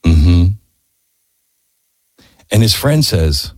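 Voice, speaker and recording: Male history storyteller, husky, lively delivery, passionate and emphatic, dry close sound. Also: lowish voice, takes it slowly, pauses often, no room sound. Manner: impassioned, emphatic, rhetorical questions. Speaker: history commentator.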